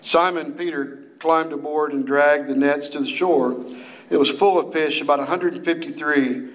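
A male youth minister preaches in a folksy, animated way and slips into playful voices while he tells the story. His voice sits a little high. The recording has the echo of a roomy space. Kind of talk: sermon.

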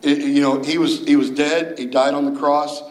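A man's voice: a little high, normal speed. Folksy male youth preacher, echoey room. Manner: folksy, animated storytelling with playful voices. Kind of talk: sermon.

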